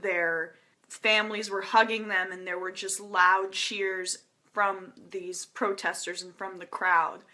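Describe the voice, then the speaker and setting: Young woman, bright tense voice, emotional, earnest, fillers and laughs, live-stream commentary. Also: medium pitch. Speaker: political news producer hosting a live stream. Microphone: webcam or phone.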